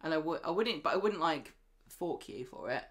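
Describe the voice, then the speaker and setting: Animated woman recapping a soap. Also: low-pitched, normal speed. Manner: animated retelling, acting out characters' lines. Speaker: podcast co-host. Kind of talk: casual chat recapping a soap.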